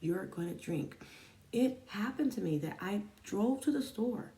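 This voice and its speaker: A woman's voice: mid-range voice, animated, a little slow, mellow, recorded from a distance. A woman talking candidly to her viewers about staying sober, in an earnest, confessional way. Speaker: sobriety vlogger. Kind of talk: candid personal talk to camera. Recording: echoey room, voice a bit off-mic.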